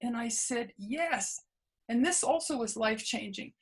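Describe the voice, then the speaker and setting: A woman's voice: a little high, lively intonation, unhurried, breathy edge, rough recording. A woman guest in an interview, earnestly recounting past experiences and acting out quoted dialogue, with frequent small restarts. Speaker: interview guest, memoir author. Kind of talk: conversational storytelling.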